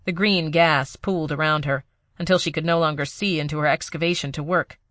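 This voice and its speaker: A woman narrating an audiobook in a steady, measured way. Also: deep voice, dry recording. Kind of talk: scripted narration.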